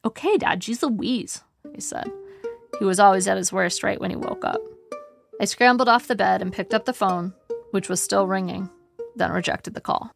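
A woman narrates an audiobook in a wry, steady manner, her mid-pitched voice carrying a gravelly texture. Faint music plays underneath her reading. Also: fairly quick.

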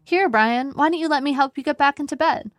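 A woman's voice: sits high, fairly quick, soft background music, pitched above the performer's own voice, natural voice. A woman reading an audiobook voices a friendly nurse coaxing an old man back to bed. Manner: cheerful and coaxing. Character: brisk, friendly female care-home nurse.

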